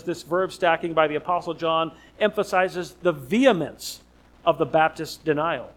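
Male pastor with a high, light voice; delivers a sermon with emphatic, repetitive phrasing. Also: a bit bright, low-quality recording. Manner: emphatic, repeats key phrases for stress. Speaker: preacher. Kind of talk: expository sermon.

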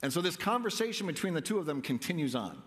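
Here the pastor's delivery is fast and sing-song, his voice a little high and a bit bright, echoing through a large hall. He keeps the sermon conversational, frequently turning questions to the congregation.

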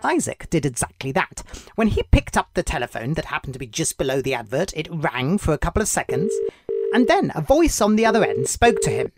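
A devotional podcast host telling a story for children in a gentle, clear way. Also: medium pitch, sing-song, a little fast, over loud music.

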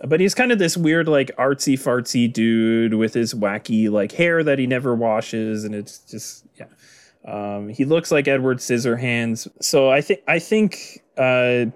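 A man in the middle of his pitch range talks through a film in relaxed podcast chat. He muses out loud and hedges his points with plenty of "like" and "I feel like". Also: a little slow. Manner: musing, hedging with frequent "like" and "I feel like". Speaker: podcast co-host. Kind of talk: casual film discussion.

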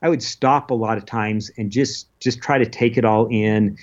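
A man telling the story of his expedition in an interview, earnest and halting, with many restarts. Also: fairly low pitch, steady tone, darkish tone, muffled recording. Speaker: interview guest, polar adventurer. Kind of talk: casual recounting of an expedition.

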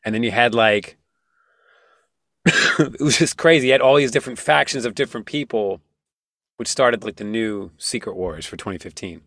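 A man in casual podcast chat, explaining and riffing in an animated, profane way. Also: on the low side, normal speed, no echo, clean studio sound.

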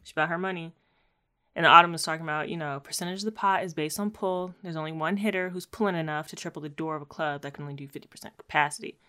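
A woman's voice: deep voice, fast, pushed and bright. A woman co-hosting a casual podcast, playfully recapping a TV episode in slang and laughing easily. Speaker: podcast co-host.

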